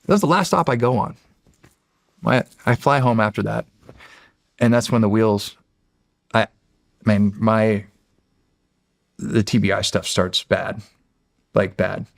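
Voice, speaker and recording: A deep, gravelly man from Pennsylvania recounts his experiences in a loose, conversational way. He swears often and trips over restarts. His voice sounds close and dry, with no room echo. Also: takes it slowly, pauses often. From Erie, Pennsylvania. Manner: rambling, profane, restarts phrases, acts out quoted dialogue. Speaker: guest, former Navy SEAL. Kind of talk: casual interview storytelling.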